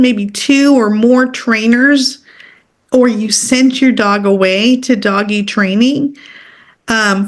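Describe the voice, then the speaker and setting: A woman leading a workshop as an animal communicator, teaching in a direct, conversational way and checking in often with her listeners. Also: fairly high pitch.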